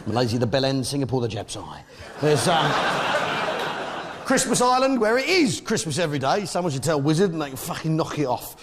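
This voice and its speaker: Brash British man, high voice. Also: big pitch swings, fast talker, heavy background noise. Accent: British English. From Britain. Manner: brash, blustering, jokes with the crowd. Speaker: stand-up comedian. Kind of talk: stand-up comedy routine.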